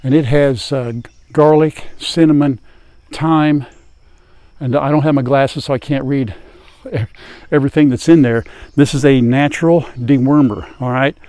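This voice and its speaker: An older man, a farm vlogger, chatting casually and soothing his hens at the coop, often dropping to a hushed voice. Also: medium pitch, fairly even intonation, a little slow, no room sound. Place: outdoors at a chicken coop. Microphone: lapel mic. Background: hens clucking, rooster.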